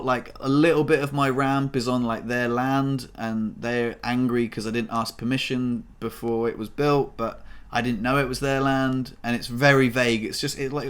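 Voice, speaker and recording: A man's voice: medium pitch, fairly even intonation, normal speed, hardly any pauses. A man in a personal vlog telling his own story in a casual, rambling way, full of fillers and swearing, his voice rising when he gets upset. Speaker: vlogger.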